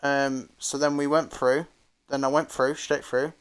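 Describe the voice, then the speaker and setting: A man's voice: medium pitch, flat delivery, unhurried, slight background noise. A man from England, a co-host, recounting his flight step by step in a plain, repetitive, casual way. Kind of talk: casual chat.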